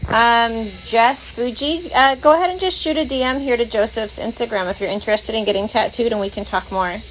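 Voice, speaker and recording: A woman's voice: fairly high pitch, brisk, slight background noise, rough recording. A woman co-hosting a casual livestream from a tattoo studio, reading viewer comments aloud and talking bluntly with some swearing. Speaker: livestream co-host.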